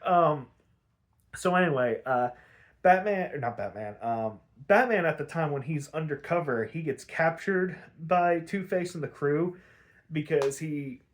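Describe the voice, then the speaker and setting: Chatty young man, slightly high voice. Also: measured pace. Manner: loose and chatty, lots of fillers, swears and laughs. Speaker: podcast host. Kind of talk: casual episode recap.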